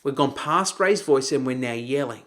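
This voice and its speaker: Male coach, animated teaching delivery, acts out shouted examples. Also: mid-range voice, normal speed. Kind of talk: teaching talk with acted examples.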